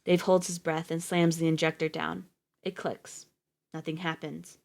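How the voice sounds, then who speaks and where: A woman narrating a story in a steady, even reading voice. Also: deep voice, measured pace, vocal fry. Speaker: audiobook reader on a livestream.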